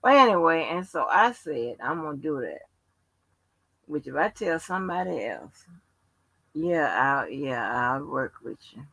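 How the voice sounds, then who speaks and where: A woman's voice: deep voice, sing-song, a little slow, vocal fry, a bit bright, dry recording, low-quality recording. A sleepy woman hosting her channel, chatting casually in a drawling, profane, yawning way. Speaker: channel host. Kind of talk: casual late-night chat.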